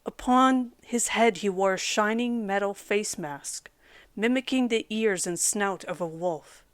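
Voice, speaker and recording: A woman reading a scripted horror story aloud as its narrator, in a steady storytelling delivery. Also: mid-range voice, a little slow, clean tone, no room sound.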